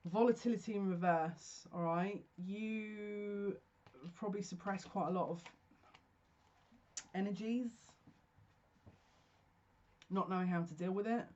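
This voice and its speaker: Slow, searching psychic reader. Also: medium pitch, darkish tone, lo-fi sound. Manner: slow, searching, stop-start channeling talk. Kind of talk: solo general reading to camera.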